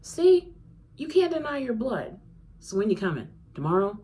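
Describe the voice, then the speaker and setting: A woman voicing a playful, theatrical male best friend who teases in a lively way. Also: low-pitched, a little slow. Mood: teasing. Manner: teasing and theatrical.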